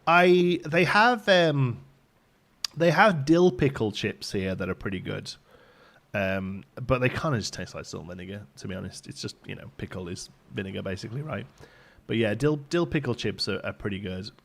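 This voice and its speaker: A man's voice: fairly low pitch, lively intonation, moderate pace, gravelly, fairly bright tone. A man chatting casually with his audience while streaming a game, laughing often as he talks. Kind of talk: casual live-stream chat. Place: home in Ontario, Canada.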